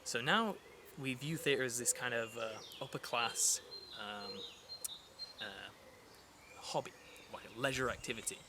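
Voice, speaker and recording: A man with a medium-pitched, unhurried voice explains poetry informally, using fillers and starting sentences over. The recording was made outside, where birdsong and countryside ambience come through clearly along with background noise.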